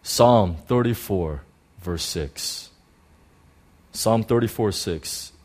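Excitable man preaching a testimony. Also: lowish voice, drawn-out words. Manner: excitable, animated storytelling with many restarts. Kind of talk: personal testimony sermon.

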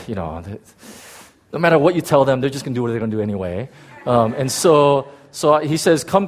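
A male pastor giving a testimony in a sermon, animated and full of restarts, swinging from loud bursts to hushed tones. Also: medium pitch.

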